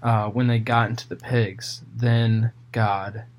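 A man reading Bible passages aloud and retelling them casually in his own words, with fillers and pauses. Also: lowish voice, little pitch movement, a little hiss or hum. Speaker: Bible reader.

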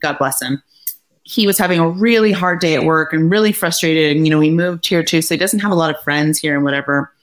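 A woman hosting a podcast in casual conversation, a lively storyteller who acts out the dialogue she quotes. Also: low-pitched, fairly quick. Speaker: podcast host.

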